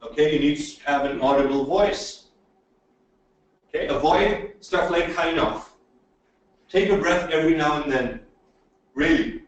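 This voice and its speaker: A man giving a webinar lecture on presentation skills, emphatic and animated, often checking in with "okay?". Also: fairly high pitch, unhurried, pauses often, very echoey, distant mic, poor audio. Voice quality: animated, swings loud and soft.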